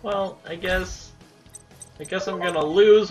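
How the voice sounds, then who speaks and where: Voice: mid-range voice, takes it slowly, a little mellow, soft background music. A gaming channel host giving casual let's-play commentary, talking to themself and often saying "dude". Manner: casual self-talk, says "dude" a lot.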